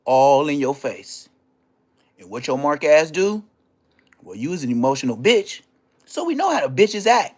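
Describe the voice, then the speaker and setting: A man's voice: very animated, normal speed, long pauses, darkish tone. A man hosting a livestream, delivering a heated, taunting, profane rant at a rival. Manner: swings between low growls and high yelps. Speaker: livestream host. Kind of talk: ranting livestream monologue.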